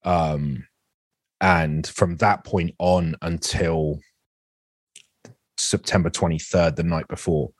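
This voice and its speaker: Deep-voiced male actor in his forties. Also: steady tone, no room sound. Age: 40s. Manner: candid, halting, with many restarts. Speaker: actor guest. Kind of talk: interview.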